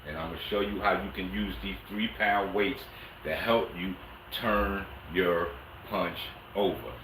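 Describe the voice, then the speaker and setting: A man's voice: low voice, steady tone, measured pace, noisy background. A man teaching a martial arts lesson on a livestream, talking casually and streetwise and coaxing viewers. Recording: echoey room, mic at a distance.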